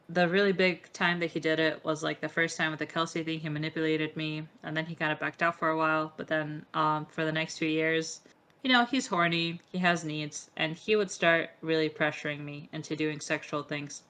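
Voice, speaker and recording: Low-pitched young woman telling her story in an interview, swears a lot, says like constantly, english isnt her first language. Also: moderate pace, a bit bright. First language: not English. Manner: emotional, profane, heavy filler use. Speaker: interview guest. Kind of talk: candid interview conversation.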